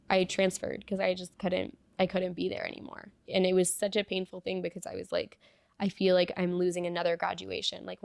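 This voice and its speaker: A young woman speaks as an interview guest, her voice carrying a gravelly fry. She tells her story earnestly, with many fillers of "like", recorded close and dry. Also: mid-range voice, dry recording. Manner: earnest, fillers of "like", reenacts dialogue. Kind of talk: personal storytelling in conversation.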